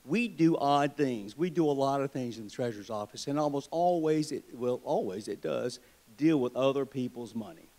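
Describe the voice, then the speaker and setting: A man with a Southern US accent addresses a convention crowd from the podium. He tells his stories in a folksy, wry, joking way. His voice sits at an average pitch for a man. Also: expressive, moderate pace, a little mellow. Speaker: state treasurer giving a convention speech. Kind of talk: political speech with folksy storytelling. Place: convention hall.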